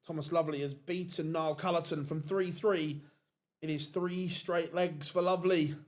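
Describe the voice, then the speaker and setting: A man's voice: on the high side, steady tone, normal speed. Chatty man commentating live darts. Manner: casual, chatty, reads viewer questions.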